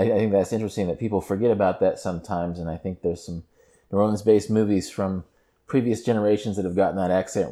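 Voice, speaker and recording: A male host speaks to his listeners in a conversational way. His voice sits low with a dark, mellow tone, and he drops in asides and restarts his phrasing as he sets up questions. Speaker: radio host. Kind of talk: interview conversation.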